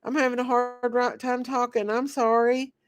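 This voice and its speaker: A woman hosting a casual livestream is sick and short of breath, greeting viewers by name in slow, drawn-out, sing-song repeats. Her voice is fairly high, smooth, and level.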